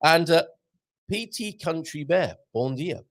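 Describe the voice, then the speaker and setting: A man's voice: a little high, takes it slowly, no room sound. A man hosting a live show, chatting casually and jokily as he reads out viewer comments. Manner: jokey, chatty, animated, laughs often.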